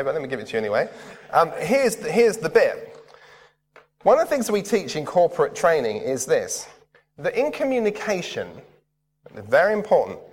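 This preacher has a fairly high voice and a relaxed, conversational way of delivering his sermon. He frequently asks his listeners questions. The sound carries the echo of a big room.

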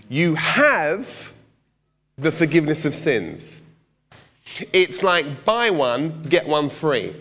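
Preacher guy chatting through his sermon, quizzing the crowd, bit of a higher voice, echoey hall. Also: a bit bright. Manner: conversational, questioning the congregation, joking asides. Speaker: pastor. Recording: long hall reverb.

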